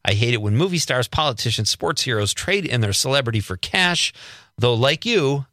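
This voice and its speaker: A man's voice: mid-range voice, animated, moderate pace, pushed and bright, no echo. A man hosting a casual radio talk show in a studio, reading listener texts aloud and laughing often.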